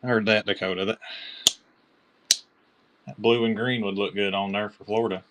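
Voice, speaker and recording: A man with a Kentucky accent selling knives on a live-stream auction, chatty and excited, calling out bidders by name. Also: lowish voice, moderate pace, heavy background noise.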